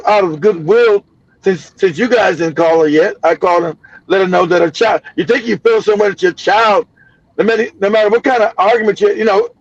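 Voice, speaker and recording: High gravelly man, profane storyteller. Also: no echo. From United States. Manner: cackling laughs, profane and animated. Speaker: streamer host. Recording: dull lo-fi dry stream audio.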